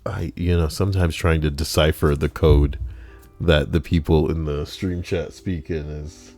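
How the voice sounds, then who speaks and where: A low-pitched man reads online stories aloud on a home stream and breaks off for wry, joking asides to his chat. His voice sounds dry and close, with little room in it. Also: fairly even intonation, measured pace, darkish tone, no echo, soft background music. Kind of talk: casual reading with chat asides.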